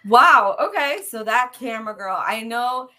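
Giddy, bright-voiced woman host. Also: a little high, lively intonation, moderate pace. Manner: giddy, effusive, laughing often. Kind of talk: casual live interview. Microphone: video call.

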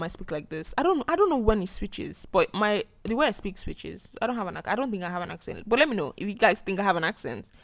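Woman, 20s, podcast host, chatty, emphatic, mid pitch, dry close sound. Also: fairly bright tone, no room sound. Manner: chatty, emphatic, repeats herself. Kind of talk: casual solo podcast chat. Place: bedroom at home.

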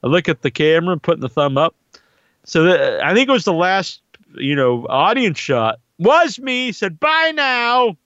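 Brief: profane man ranting casually, animated and high-pitched, dead dry sound. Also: unhurried, dry recording, muffled recording. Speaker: wrestling commentator. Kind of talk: casual monologue.

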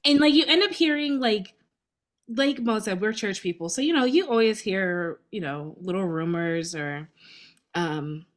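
A woman co-hosting a podcast, talking in a chatty, animated way and laughing often. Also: mid-range voice, measured pace. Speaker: podcast co-host. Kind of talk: casual conversation.

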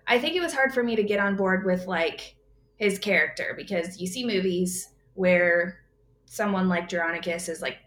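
A woman's voice: mid-range voice, moderate pace, fairly bright tone, a little hiss or hum. Rambling woman in an echoey room. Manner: rambling, hedging with "like" and "I don't know". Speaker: podcast guest. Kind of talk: casual movie discussion.

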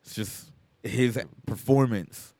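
A man's voice: mid-range voice, takes it slowly, no echo. A man co-hosting a casual podcast, talking loosely and profanely and breaking into laughter often. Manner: laughs a lot, animated and profane. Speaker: podcast co-host. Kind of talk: casual chat.

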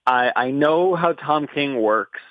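A man calling in as a guest to a podcast, chatting in a relaxed, amused way and laughing easily. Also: mid-range voice, slow pace, no echo. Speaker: editor-in-chief, phone guest. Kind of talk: casual comic book chat. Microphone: phone line. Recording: tinny phone line.

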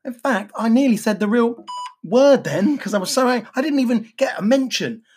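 A woman's voice: fairly high pitch, expressive, normal speed, a little mellow. A woman hosting a podcast, chatting casually in a rambling, jokey, self-mocking way. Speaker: podcast host. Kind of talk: casual chat.

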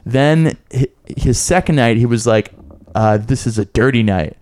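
A man co-hosting a casual chat, telling a long story and acting out other people's voices. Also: moderate pace. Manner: animated, acts out voices in a high squeal. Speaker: podcast co-host.

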